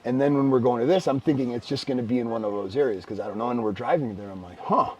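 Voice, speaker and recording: A man co-hosting a casual podcast, telling stories with bursts of excited shouting. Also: mid-range voice, very fast, husky, highs cut off. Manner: animated storyteller, bursts of excited shouting when retelling. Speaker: podcast co-host. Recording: slightly distant mic with faint background ambience.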